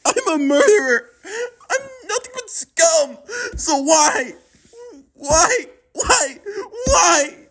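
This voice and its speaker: A man's voice: very high-pitched, very animated, extremely slow, fairly bright tone, a little hiss or hum, pitched above the performer's own voice, full character voice. A man voicing a grieving young woman in a fan-made audio drama, sobbing and repeating herself. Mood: anguished.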